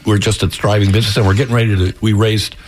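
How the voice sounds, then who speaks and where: A man's voice: lowish voice, level tone, very fast. A middle-aged man, an author and theater director, talking as an interview guest in a rambling way with repeated words. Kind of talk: interview guest reading his novel.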